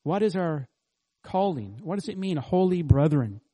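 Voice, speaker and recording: A man's voice: a little high, lively intonation, normal speed, warm tone. A man pastor preaching an expository sermon, earnestly teaching and asking the congregation rhetorical questions.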